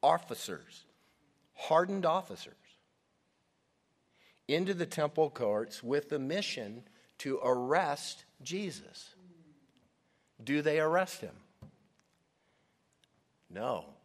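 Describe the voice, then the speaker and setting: A man preaching a sermon as pastor, delivering emphatic, deliberate lines with dramatic stresses. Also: on the high side, big pitch swings, long reverb tail.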